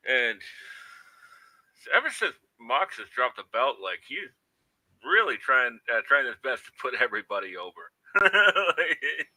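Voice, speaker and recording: A man's voice: medium pitch, big pitch swings, unhurried, sharp tone, no room sound, poor audio. A man co-hosting a casual wrestling podcast over a remote stream. He speaks hesitantly, with many "uh"s and "like"s. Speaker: podcast co-host. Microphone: remote stream mic.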